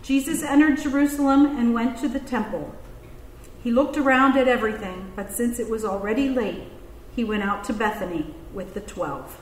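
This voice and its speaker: A woman giving the scripture reading at a church service in a measured, clear way. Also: a little high, reverberant, big-room sound, a little hiss or hum, rough recording. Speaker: scripture reader.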